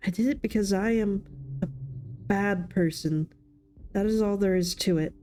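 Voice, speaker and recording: A woman's voice: mid-range voice, unhurried, mellow, a little hiss or hum, close to an everyday voice. A woman voicing a bloodied, ghostly young male hitchhiker who speaks in a choked, gasping way. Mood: cold.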